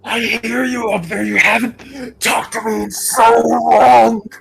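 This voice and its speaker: A man voicing a trapped figure calling from beneath a church, pleading desperately to be let out in a high strained voice. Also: flat delivery, slow pace, creaky, exaggerated voice, rough recording. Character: voice crying from below the church, pleading.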